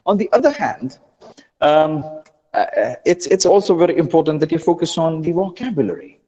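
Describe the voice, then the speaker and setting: An energetic man teaches a live online class, urging learners to answer fast in the chat. His voice sits a bit high but mellow. It comes over a dull, lo-fi call line with a long, hollow echo. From India. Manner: energetic, repeats phrases, prods learners for quick chat replies. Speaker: online English trainer.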